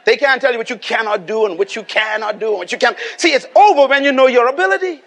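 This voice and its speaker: A Bahamian man preaches a live sermon before a congregation in an extremely high, fairly bright voice at a fast clip. He is emphatic and repetitive, calling on the crowd to answer and repeat his lines after him.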